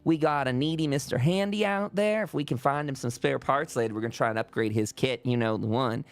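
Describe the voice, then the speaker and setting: A man's voice: mid-range voice, brisk, creaky, no room sound, close to an everyday voice. A man voicing a cheerful, adventurous woman settler and tinkerer who talks enthusiastically. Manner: chatty, enthusiastic.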